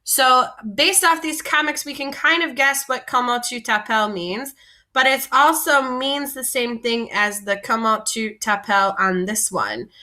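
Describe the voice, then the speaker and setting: Woman teacher, bright, slightly high voice, patient explainer who recaps often. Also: steady tone, a little slow. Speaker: French teacher. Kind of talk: classroom vocabulary lesson.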